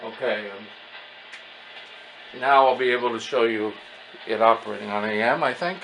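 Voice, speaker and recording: An older man, an amateur radio operator, casually talking through an equipment demonstration step by step, pausing often as he works. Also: mid-range voice, steady tone, fairly bright tone, slight background noise. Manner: talks through each step as he works, with many pauses.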